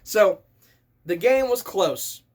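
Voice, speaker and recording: A man in his thirties, a vlogger telling a story in an excitable, animated way as a casual rant. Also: high voice, slow. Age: 30s.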